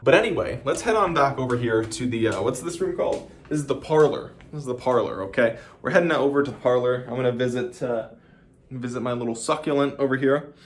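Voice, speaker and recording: A man giving a casual vlog tour of a hotel suite, rambling with sarcastic jokes and deadpan asides. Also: mid-range voice, brisk. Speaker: vlogger.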